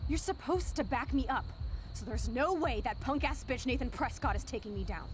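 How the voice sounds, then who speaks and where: A woman's voice: high voice, expressive, normal speed, background noise. A brash punk teenage girl. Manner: brash, profane, confrontational. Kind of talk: video game voice acting.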